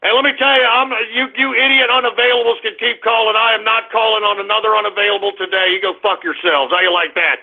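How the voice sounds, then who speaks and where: A man hosts a call-in radio comedy show in a squeaky, cartoonish voice with a husky edge. He rants, shouts and insults his callers. The sound is thin and tinny, as if over a phone line. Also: flat delivery, fast, few pauses. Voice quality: cartoonishly high and strained.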